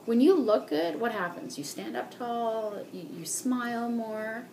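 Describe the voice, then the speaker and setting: Animated woman coaching sales with okay tags. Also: a little high, unhurried, slight background noise. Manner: animated, acts out customers' lines, tags sentences with okay. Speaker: beauty consultant trainer. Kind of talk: sales training talk.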